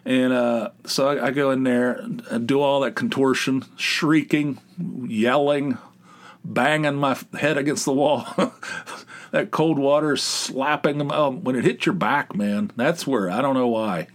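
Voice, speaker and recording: A man's voice: mid-range voice, measured pace. Rambling, sarcastic man telling a story. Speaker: podcast host. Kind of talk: casual storytelling monologue.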